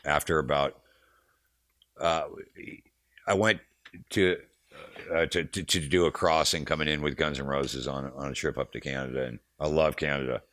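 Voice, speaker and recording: Casting: low, bright-toned man in his fifties, salty raconteur, dry close sound. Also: fairly even intonation, moderate pace, no room sound. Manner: profane, heated storyteller, acts out quotes. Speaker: touring manager guest. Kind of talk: casual storytelling interview.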